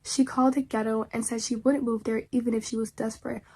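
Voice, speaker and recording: A woman's voice: fairly high pitch, little pitch movement, quick pace, darkish tone, husky. A woman reading online posts aloud and reacting to them in casual, slangy commentary, often pleading dramatically with her viewers.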